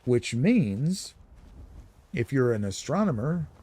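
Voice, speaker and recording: A man's voice: medium pitch, big pitch swings, slow pace, mellow. A man giving casual, rambling commentary while streaming a video game. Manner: chatty, rambling, explanatory. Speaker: gaming streamer.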